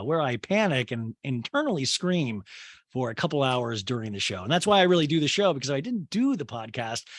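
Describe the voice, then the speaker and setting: A man's voice: medium pitch, dry recording. A man hosting a solo recap podcast, joking and acting out quoted voices as he goes. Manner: animated, jokey, acts out quoted voices. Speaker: podcast host. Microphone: podcast microphone.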